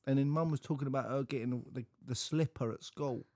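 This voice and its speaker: A man's voice: mid-range voice, a little fast, darkish tone, no echo, clean studio sound. A man co-hosting a podcast, telling family stories in casual, sweary chat and imitating relatives. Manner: swearing, storytelling, mimics family voices. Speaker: podcast co-host.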